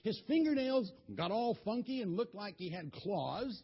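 A man telling a children's Bible story in an animated, folksy way, often repeating words, in a dull lo-fi recording. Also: high-pitched, normal speed, breathy edge.

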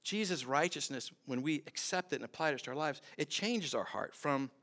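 A pastor preaching a sermon in a church, talking conversationally with asides and repeated phrases. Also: male voice, fairly high pitch, expressive, a little fast, bright, forceful tone.

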